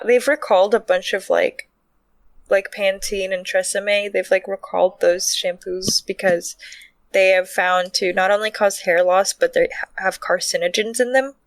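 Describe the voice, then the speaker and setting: A woman's voice: mid-range voice, dry recording. A woman co-hosting a casual podcast, rambling and filling her talk with "like". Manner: rambling, heavy use of "like". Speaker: podcast co-host. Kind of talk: casual group chat.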